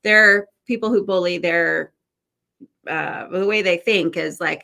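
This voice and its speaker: A woman hosting a casual webinar conversation, chatty and animated, laughing easily. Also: on the low side, normal speed, vocal fry. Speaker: host.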